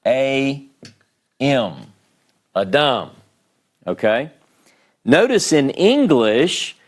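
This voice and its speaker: A man with a Southern US accent teaching a language class, explaining patiently step by step and checking in with his students. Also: mid-range voice. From Southern United States. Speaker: Hebrew teacher. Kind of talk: classroom lecture.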